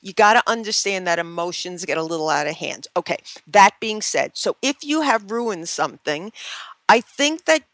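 A woman's voice: mid-range voice, lively intonation, normal speed, fairly bright tone, no room sound. A middle-aged woman, a relationship therapist, talking casually as a podcast guest and often acting out example phrases. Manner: chatty, acts out example phrases, many fillers like "you know".

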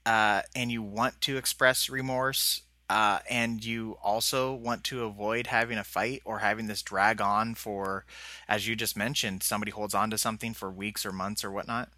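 Bright-voiced male podcast host. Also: on the low side, moderate pace, dry recording. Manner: affirming, sums up the guest's points and asks follow-up questions. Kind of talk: casual podcast interview.

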